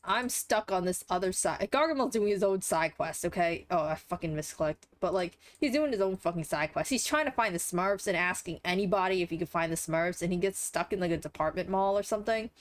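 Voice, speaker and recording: A woman's voice: on the low side, expressive, fairly quick, hardly any pauses, no echo. A tired young woman with a congested, nasal voice, rambling casually through a recap with lots of fillers and swearing.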